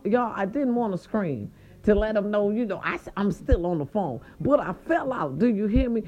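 A woman telling viewers a story in a casual, animated and profane way, speaking straight to them. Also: mid-range voice, normal speed, dull audio.

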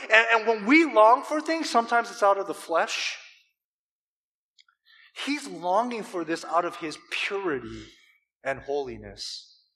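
A man preaching a sermon with impassioned swells and dramatic pauses, from California. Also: high-pitched, big pitch swings, bright, forceful tone. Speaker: pastor. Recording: long hall reverb.

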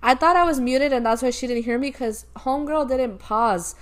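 A woman's voice: high-pitched, normal speed. Chatty young woman telling a story. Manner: animated, retells calls with quoted voices, laughs often. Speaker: podcast co-host. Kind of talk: casual chat, storytelling.

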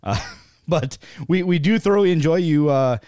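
A man's voice: a little high, moderate pace, dark tone, no echo, studio quality. A man hosting a podcast in a loose, joking style, with frequent fillers as he introduces guests. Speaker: podcast host. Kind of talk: casual interview chat.

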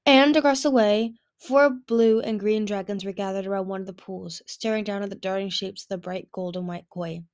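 A woman narrating a storybook aloud in a steady, plain way with occasional slips and restarts. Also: medium pitch, moderate pace, few pauses. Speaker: audiobook reader.

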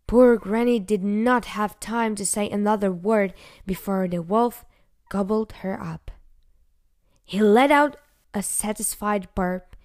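A woman narrating a fairy tale in a gentle, unhurried storybook manner, sometimes dropping to a whisper. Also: medium pitch.

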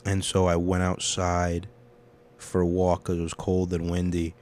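A young man hosting a casual solo podcast, talking candidly and profanely, rambling between loud rants and quiet confessions. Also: low voice, monotone, a little slow. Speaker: podcast host.

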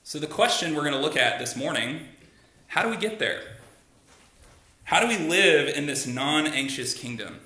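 Man, pastor, sermon, conversational, rhetorical questions, slightly high voice, echoey church. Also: animated, moderate pace, sharp tone. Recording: echoey room.

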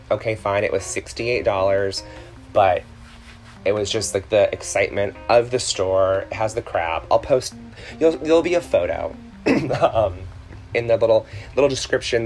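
A man's voice: fairly low pitch, normal speed, darkish tone, soft background music. A man hosting a podcast in a casual, rambling chat, full of ums and self-corrections. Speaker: podcast host.

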